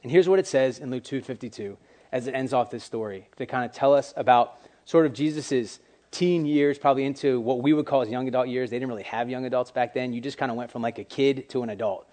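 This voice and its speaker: A man preaching a casual sermon to young people, animated and acting out quoted voices. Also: medium pitch, quick pace.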